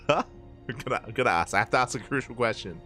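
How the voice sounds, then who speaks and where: A man's voice: medium pitch, animated, a little fast, bright, forceful tone, soft background music. A man casting a live game late at night, tired and slightly slurring his words, chatty and full of repeated hype lines. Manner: chatty, hypes with repeated catchphrases. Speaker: esports caster.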